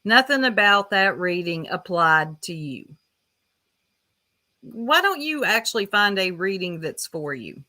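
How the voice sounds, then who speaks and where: A Southern woman runs a relaxed livestream at an unhurried pace. She pokes fun at her subject and greets viewers by name in a chatty, mid-pitched voice. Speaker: livestream host. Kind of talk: casual livestream chat.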